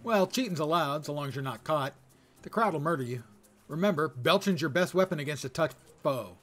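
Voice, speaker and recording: A man casually commenting on his game in a relaxed, self-deprecating way, reading game text aloud. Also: a little high, brisk, faint music behind. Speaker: game streamer.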